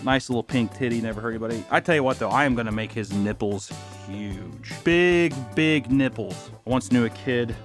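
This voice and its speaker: A man chatting casually and crudely while he draws, excitable, keeps breaking into squeaky put-on voices. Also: a little fast, faint music behind. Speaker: YouTube artist and host. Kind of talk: casual commentary while drawing.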